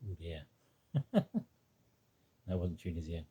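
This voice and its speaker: Slow, hesitant man with husky voice. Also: sits low, fairly even intonation, darkish tone. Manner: hesitant, rambling with many ums and restarts. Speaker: football fan commentator. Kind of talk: casual spoken monologue.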